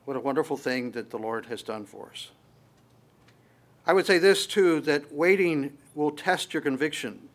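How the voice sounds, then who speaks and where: A male pastor delivering a sermon in a conversational yet emphatic way. He repeats and restarts his phrases as he goes, and his voice sits a little high for a man. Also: moderate pace.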